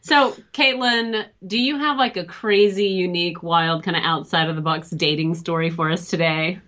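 A woman's voice: fairly low pitch, normal speed, a bit bright, lo-fi sound. A woman hosting a dating talk show, asking a guest questions and reacting with gasps and laughs. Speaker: host. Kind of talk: casual chat.

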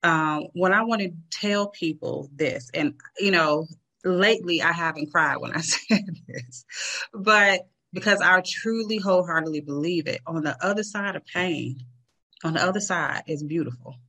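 A woman guest speaks earnestly in an interview, often repeating words as she reaches for her thought. Her tone is bright and forceful, and her voice sits fairly low. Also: moderate pace. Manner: earnest, repeats words while searching for them. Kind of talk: interview conversation.

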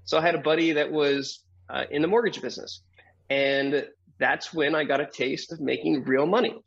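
A middle-aged man, a guest on an interview show, telling a personal story in a lively way, acting out the voices of people in it and laughing often. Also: on the high side, normal speed, creaky, breathy edge, muffled recording.

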